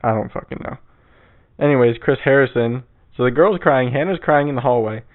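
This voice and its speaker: A man's voice: medium pitch, fairly quick. Rambling, profane young man on a tinny line. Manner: rambling, profane, laughs at himself. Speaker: podcast host. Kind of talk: casual solo podcast rambling. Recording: tinny phone-like sound.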